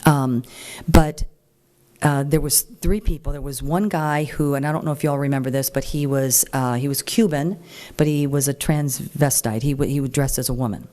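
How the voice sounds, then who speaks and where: A middle-aged woman speaking at a meeting, telling a story in a chatty, frank way and jumping up high when she quotes people. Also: moderate pace. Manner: chatty and animated, acts out quoted voices higher; frank and plain-spoken. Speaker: speaker at a political group meeting. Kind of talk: informal talk to an audience, storytelling.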